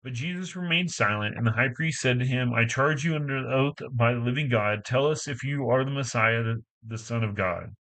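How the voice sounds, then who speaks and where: Man reading scripture aloud, halting. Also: medium pitch, fairly bright tone, poor audio. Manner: halting reading with frequent stumbles and self-corrections. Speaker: Bible reader.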